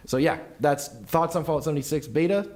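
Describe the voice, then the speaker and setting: A man's voice: a little high, brisk, a little mellow, slight background noise. A man hosting a casual gaming podcast, rambling loosely and swearing as he explains things. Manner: rambling, loose and profane, with frequent fillers.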